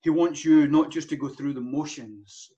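A man's voice: a little high, steady tone, normal speed, dark tone. A man preaching a sermon as pastor, earnest, with many rhetorical questions and repeated phrases. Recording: dull lo-fi sound.

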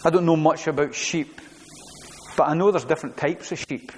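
A man's voice: on the high side, moderate pace, in a large hall, slight background noise. A man preaching a sermon to his congregation, earnest and repeating his phrases as he goes. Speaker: pastor.

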